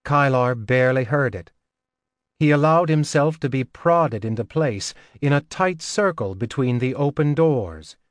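An audiobook narrator reads a fantasy novel in a medium-pitched voice, slow and steady. It's scripted narration captured on a very dry, close mic.

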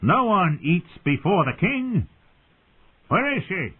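A man's voice: big pitch swings, takes it slowly, husky, full character voice. A man voicing a drunken, arrogant young exiled king whose voice is thick with wine. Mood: drunken rage. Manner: slurred, thick with wine, shrill and demanding. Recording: tinny phone-like audio.

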